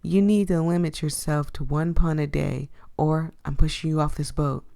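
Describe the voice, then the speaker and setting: A woman's voice: sits low, steady tone, moderate pace, creaky, mellow. A woman voicing a grumpy, brooding young male ghost-catcher in a visual novel, curt and dry. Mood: irritated.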